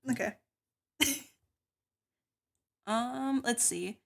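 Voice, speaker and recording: A woman's voice: mid-range voice, expressive, measured pace. Bubbly, giggly woman hosting a stream. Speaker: stream host. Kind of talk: casual chat, reading donations.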